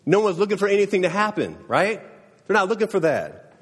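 A man's voice: high-pitched, sing-song, a little fast, slightly rough, big-room sound. A man preaching a sermon in a conversational way, often checking in with his listeners. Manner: conversational, often asking "right?". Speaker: pastor.

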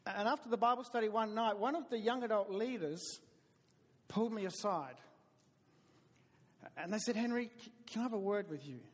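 A man's voice: high voice, moderate pace, long pauses, slightly rough. A middle-aged man with a Southern US accent preaching a sermon, telling folksy, self-deprecating stories with hesitant restarts. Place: church sanctuary. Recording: long hall reverb.

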